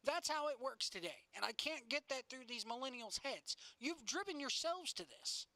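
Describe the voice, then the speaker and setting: Bright, animated swearing woman. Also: sits high, normal speed, no room sound. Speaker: podcast co-host. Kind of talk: casual chat.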